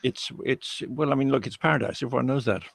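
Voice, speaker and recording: An older man with an educated British accent, joining a chat as a guest and speaking in a dry, wry, measured way. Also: medium pitch, vocal fry. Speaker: guest, host's father. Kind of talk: casual chat on a call.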